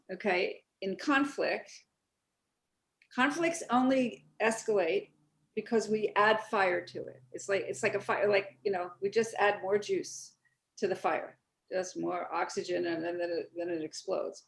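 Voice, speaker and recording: Therapist lady on a podcast, bit of vocal fry, tells stories and acts out little conversations. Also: mid-range voice, unhurried. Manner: lively storyteller, acts out dialogue. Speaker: guest therapist.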